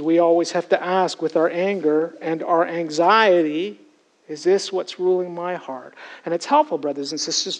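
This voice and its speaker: A man's voice: high voice, low-quality recording. A man preaching a sermon as pastor, earnest and emphatic, often turning to address his congregation directly.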